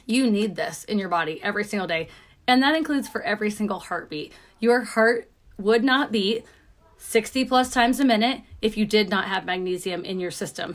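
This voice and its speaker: A woman's voice: mid-range voice, fairly bright tone. A woman in her thirties, a nurse practitioner, giving viewers an upbeat, emphatic, chatty rundown of supplements. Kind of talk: casual product rundown to viewers.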